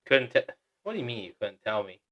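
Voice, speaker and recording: A man's voice: mid-range voice, big pitch swings, fairly quick, dull audio. A young man co-hosting a podcast, chatting casually and reading announcements in an upbeat, chatty way with fillers. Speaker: podcast co-host.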